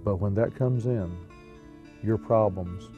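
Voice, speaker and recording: Deep male pastor, earnest testimony over guitar. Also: takes it slowly, phone-quality sound.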